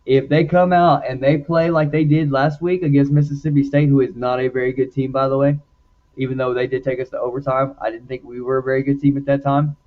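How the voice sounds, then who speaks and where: A man's voice: medium pitch, little pitch movement, fairly quick, phone-quality sound. A man co-hosting a casual sports chat show, talking animatedly about his game picks. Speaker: podcast co-host.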